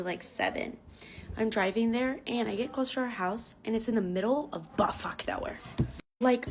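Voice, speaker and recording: A woman recounting a frightening night in a casual storytime. She talks in a breathless, profane rush, with a voice of ordinary middle pitch. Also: a little hiss or hum.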